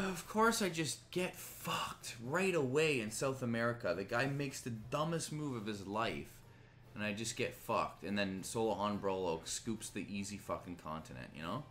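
A man streaming a strategy game live, ranting angrily with heavy swearing, swinging between loud outbursts and low muttering. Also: animated, measured pace. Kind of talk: live gaming commentary.

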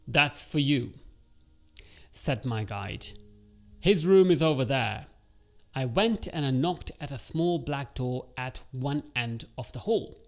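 Expressive male teacher reading a story. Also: mid-range voice. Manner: expressive reading that pauses to explain words. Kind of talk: storytelling with vocabulary explanations.

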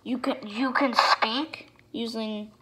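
A woman giving chatty, excitable reaction commentary to her viewers, with sudden loud bursts. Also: on the high side, slow, poor audio. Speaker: video creator.

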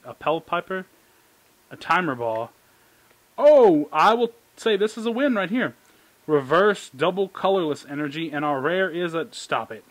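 A man giving casual, jokey commentary as he opens trading card packs, excitable and talking to his cards. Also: mid-range voice. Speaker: card collecting YouTuber. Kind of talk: casual pack-opening commentary.

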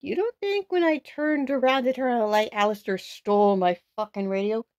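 A woman hosting a casual paranormal challenge vlog, excitable and dramatic, swearing freely as she talks to the camera. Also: fairly high pitch, fairly quick. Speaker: video host.

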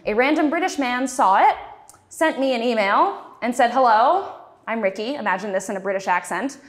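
A woman's voice: fairly high pitch, a little fast. Woman, 20s, speaker at a festival talk; casual, self-deprecating, lots of ums. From Texas. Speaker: cartoonist guest speaker. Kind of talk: festival talk, personal storytelling.

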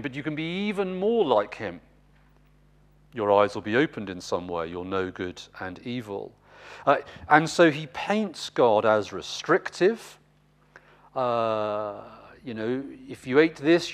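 A man giving a teaching seminar on scripture, explaining points emphatically and addressing his listeners directly. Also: medium pitch. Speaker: seminar speaker.

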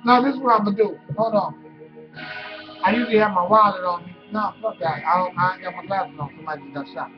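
A man's voice: high-pitched, quick pace. A man doing a crude, rambling comic rant to his webcam, laughing at his own jokes. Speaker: webcam vlogger. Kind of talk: casual profane comic rant. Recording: dull lo-fi webcam audio with music behind.

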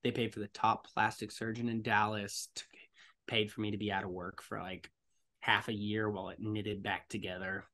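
Lively storytelling man. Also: lowish voice, normal speed. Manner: lively storyteller, acts out other people's lines loudly. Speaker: voice actor and stuntman guest. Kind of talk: animated storytelling in a podcast interview.

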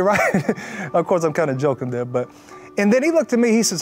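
A man telling his personal faith testimony as a lively story, with joking, sarcastic asides and acted-out quotes. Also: high-pitched, fast, soft background music.

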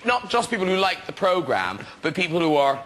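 A man's voice: sits high, sing-song, a little fast. A male talk show host, bantering and teasing guests and the studio audience. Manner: teasing, camp, laughs often. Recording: loud audience laughter, noisy old TV rip.

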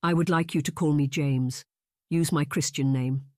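A man voicing a gentle, insistent young aristocrat who speaks slowly and softly. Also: fairly even intonation, dry recording, studio quality, lightly acted. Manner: slow, soft, low-spoken. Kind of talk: audiobook character voice.

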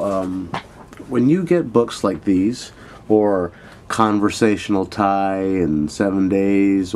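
An online Thai language teacher with a very low, dark voice gives a loose, chatty video lesson, addressing viewers directly and leaning on fillers as he rambles through explanations. A little hiss or hum is audible.

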